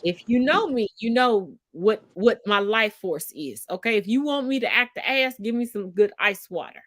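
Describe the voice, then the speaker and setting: A woman in her forties co-hosting a live stream, brash and profane, teasing her co-host and swooping up loud when excited. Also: mid-range voice, moderate pace, dry recording. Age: 40s.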